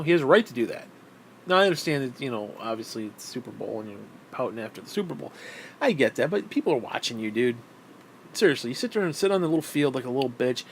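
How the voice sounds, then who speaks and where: A man ranting profanely in a casual, animated vlog. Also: medium pitch, a little hiss or hum. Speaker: vlogger. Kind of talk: casual rant to camera.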